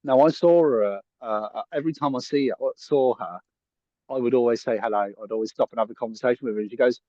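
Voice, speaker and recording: A man's voice: mid-range voice, fast, dark tone, dry recording. A man tells a long story in an easy, earnest way and lends a voice to each person in it. His voice sits in the middle of the range. The sound is dry and close, though a little muffled. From England. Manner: earnest, chatty, acts out quoted voices. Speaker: podcast guest. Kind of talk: casual storytelling.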